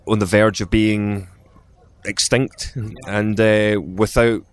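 Scottish man, middle-aged actor, very low voice, rambling interview anecdotes. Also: flat delivery, slow, clear, resonant tone. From Scotland. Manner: rambling, with frequent restarts and acted-out quotes. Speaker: actor guest. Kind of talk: casual interview storytelling.

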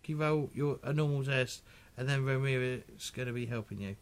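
A man narrating a tabletop game as game master, halting and full of restarts. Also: medium pitch, smooth.

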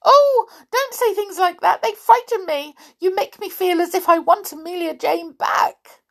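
Woman doing a squeaky frightened toy mouse. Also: a little slow. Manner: high squeaky and fearful. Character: timid little clockwork mouse.

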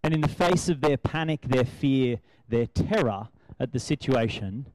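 A man's voice: mid-range voice, animated, moderate pace, darkish tone, dry recording, low-quality recording. A young man giving a conversational sermon, asking his listeners rhetorical questions. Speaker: preacher.

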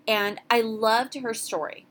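Candid mom podcaster. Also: female voice, on the high side, fairly even intonation, takes it slowly, a bit bright. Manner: candid, rambling, frequent restarts. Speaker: podcast host. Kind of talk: casual solo podcast talk.

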